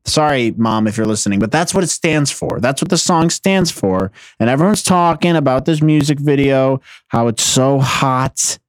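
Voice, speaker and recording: A man's voice: mid-range voice, animated, moderate pace, hardly any pauses, no echo. A man hosting a show, giving tired, mocking commentary with a sarcastic edge. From United States. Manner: mocking, fed up. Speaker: host.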